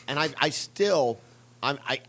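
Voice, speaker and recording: A man's voice: mid-range voice, animated, measured pace, fairly bright tone. A man in casual banter with friends, rambling and laughing as he retells film scenes. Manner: rambling, laughing, quotes lines from films.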